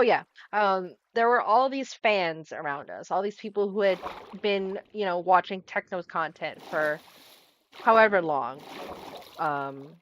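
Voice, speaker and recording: A woman's voice: mid-range voice, a bit bright, a little hiss or hum. A young woman talking casually while she plays a game, rambling, getting distracted and restarting her thoughts. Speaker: gaming streamer. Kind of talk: casual commentary while playing.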